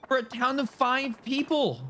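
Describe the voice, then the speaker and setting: A man's voice: extremely high pitch, measured pace, background noise. A man streaming a game live, making playful joking asides while reading the dialogue. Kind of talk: casual live gameplay commentary.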